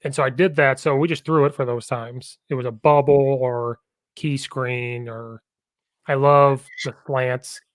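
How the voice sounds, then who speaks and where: A man's voice: mid-range voice, fairly even intonation, measured pace, dry recording. A man hosts a casual coaching podcast and tells rambling stories with a lot of enthusiasm. His voice sits in an ordinary middle range for a man. The sound is close and dry, with almost no room around it. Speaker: podcast host, football coach.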